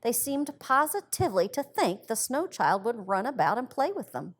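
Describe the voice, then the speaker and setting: A woman's voice: on the high side, moderate pace. Woman reading a story aloud. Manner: expressive, gentle storybook delivery. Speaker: library storyteller.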